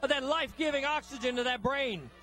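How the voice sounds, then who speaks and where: Very high-voiced folksy wrestling commentator. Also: male voice, brisk, bright, forceful tone. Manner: folksy, emphatic asides.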